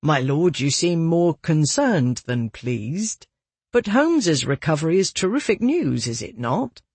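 A man's voice: a little high, very animated, a little slow, darkish tone, husky, dry recording, heavily acted. A narrator voicing an earnest, eager police inspector man in an audiobook.

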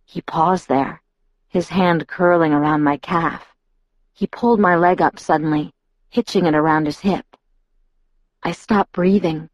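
A woman reading a first-person audiobook with an intimate, breathy delivery. Her voice sits on the low side and sounds dry and close to the mic. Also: steady tone, unhurried, pauses often, no echo, rough recording. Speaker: audiobook narrator.

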